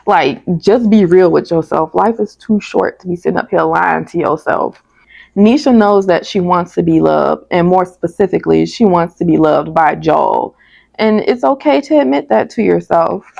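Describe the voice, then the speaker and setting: A woman's voice: on the low side, normal speed, gravelly, darkish tone, dry recording. A woman reviewing a TV episode in casual, candid commentary, chatty and prone to tangents, on a dull lo-fi recording. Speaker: TV show reviewer.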